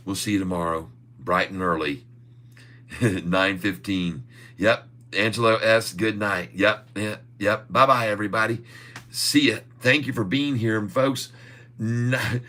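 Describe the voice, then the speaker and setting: A middle-aged man hosts a casual stock-trading livestream, folksy and emphatic as he talks straight to his viewers. His voice sits a little low but comes across bright and forceful, and he chuckles often. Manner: folksy and emphatic, keeps calling listeners "folks"; chuckles often while talking. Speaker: day-trading livestream host. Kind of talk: casual market commentary livestream.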